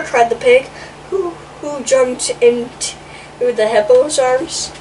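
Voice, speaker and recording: Woman reader, slow and high, playful asides, picture book read-aloud; distant mic, faint background noise. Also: a little mellow. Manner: playful, adds little comments between pages.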